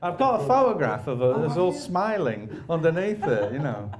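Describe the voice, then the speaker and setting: A man's voice: on the high side, very animated, moderate pace, crowd noise. A man telling rambling, self-deprecating stories in casual chat, laughing often.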